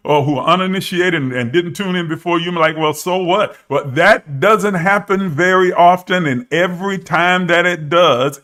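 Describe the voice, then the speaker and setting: A middle-aged man hosts a spiritual live stream. His voice is bright and a bit high for a man. He stretches key words and builds up to exclaiming points. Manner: preacherly, drawn-out emphasis, rising to exclaim. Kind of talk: live-stream talk to online viewers.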